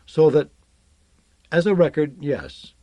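A hesitant crewman, as a male narrator voices him, breaking off and restarting as he gropes for words. The delivery is slow with lively pitch movement, recorded dry and close. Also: no echo. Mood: unsettled. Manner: halting, searching for words.

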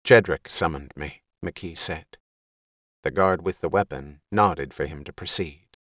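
A man giving steady, measured scripted narration as an audiobook reader. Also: sits low, no echo, studio quality.

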